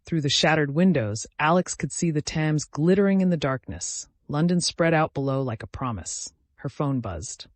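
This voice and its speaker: A man reading a thriller romance story aloud in a measured, dramatic way. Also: fairly high pitch, expressive, no echo. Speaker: narrator. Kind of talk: scripted narration of a thriller romance.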